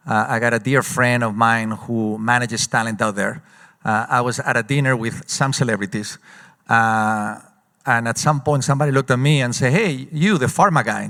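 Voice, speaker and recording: Executive man telling stories in a reverberant hall. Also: mid-range voice. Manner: animated storyteller, quick bursts with frequent uh fillers. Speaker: company executive guest. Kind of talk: live on-stage conference interview. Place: large conference hall.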